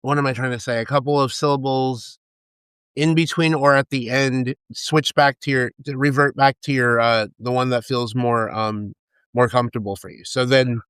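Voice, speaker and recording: A man's voice: medium pitch, steady tone, moderate pace, fairly bright tone, clean tone, no echo. A playful, teasing male guest with an Atlanta accent, chatting casually on a live stream. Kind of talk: casual chat.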